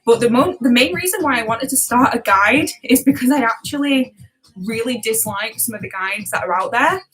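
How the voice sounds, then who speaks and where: A woman's voice: on the high side, animated, normal speed, fairly bright tone, low-quality recording. A woman with a British accent chatting casually on a live stream, passionate and talkative, laughing often and restarting her sentences. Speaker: live-streaming reaction YouTuber.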